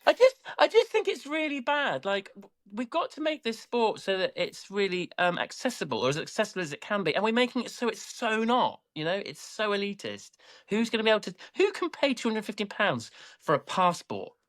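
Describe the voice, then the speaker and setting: A man's voice: sits high, brisk, no echo. A British man co-hosting a podcast, ranting in casual chat. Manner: ranting, animated. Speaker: podcast co-host.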